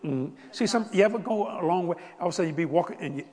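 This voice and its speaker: A man preaching a sermon as a story, animated, swinging from soft asides to loud bursts. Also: high-pitched, racing. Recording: long hall reverb.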